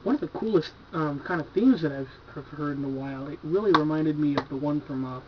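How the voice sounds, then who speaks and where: A man whose voice is a little high talks a little fast while reviewing horror movies from his home collection. He's easygoing and enthusiastic, swearing freely and saying "like" and "you know" constantly. The recording is a dull, lo-fi home video with background noise.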